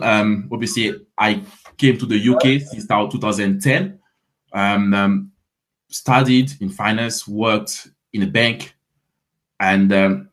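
French-accented man, low voice. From Ivory Coast. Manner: friendly, repeats words while starting sentences. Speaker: guest, fitness coach. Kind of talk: interview answers.

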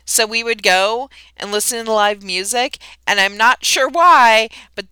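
A woman's voice: fairly high pitch, measured pace, sharp tone, smooth, no echo. A woman co-hosting a podcast, chatting casually and telling a story with frequent laughter. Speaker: podcast co-host. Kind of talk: casual chat.

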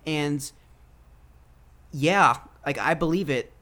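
A man's voice: on the high side, slow pace, pushed and bright. A man co-hosting a casual podcast chat, eagerly arguing his opinions and teasing his co-host.

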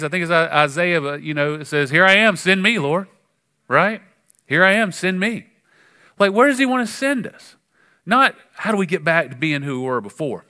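Animated pastor preaching. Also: male voice, fairly high pitch. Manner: conversational and animated, with frequent fillers and sudden emphatic rises. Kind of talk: sermon.

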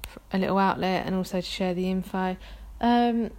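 A woman's voice: mid-range voice, fairly even intonation, normal speed, darkish tone. Chatty woman with a London accent. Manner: chatty, rambling, self-deprecating, many ums. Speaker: podcast host. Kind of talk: casual solo podcast chat.

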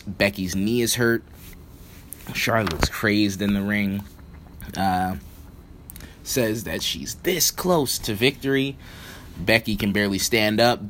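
A man's voice: low voice, a little hiss or hum. A man giving a rambling, casual recap of a wrestling event, with lots of fillers. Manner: rambling, many fillers, relaxed. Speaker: wrestling show reviewer.

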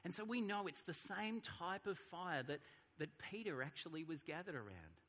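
Australian preacher, bright tone, hall reverb. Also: male voice, a little high. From Melbourne, Australia. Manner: reads scripture slowly, then preaches with animated rising emphasis. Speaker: pastor. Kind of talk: sermon with scripture reading. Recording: long reverb in a large hall.

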